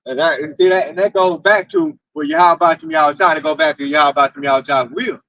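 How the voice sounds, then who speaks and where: A man's voice: on the high side, lively intonation, fairly quick, gravelly, a bit bright, dry recording, rough recording. A man in a religious group discussion, preaching and citing scripture.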